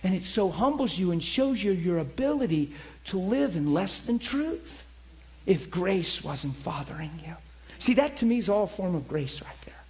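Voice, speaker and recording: A man preaching a personal testimony to a class, animated and emphatic, swinging between loud and hushed. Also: high-pitched, moderate pace. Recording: dull lo-fi recording.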